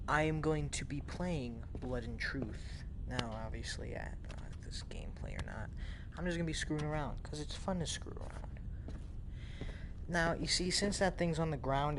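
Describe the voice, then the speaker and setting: A man's voice: fairly high pitch, noisy background. Young man rambling over gameplay. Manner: joking, rambling, swearing. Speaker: gamer. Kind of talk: casual VR gameplay commentary.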